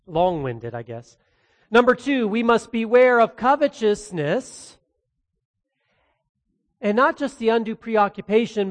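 A man's voice: high voice, big-room sound. A man, a pastor, preaching an expository sermon in an earnest way, mixing in casual asides.

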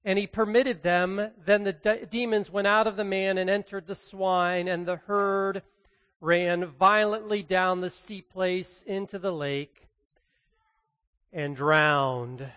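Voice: mid-range voice, steady tone, slow pace, a bit bright, in a large hall. A pastor giving a sermon and reading scripture, earnest and conversational, leaning hard on key phrases.

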